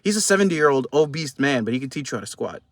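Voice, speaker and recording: A man's voice: medium pitch, expressive, fast, dry recording. A young man giving heated, profane post-fight boxing commentary in a casual vlog. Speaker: boxing vlogger.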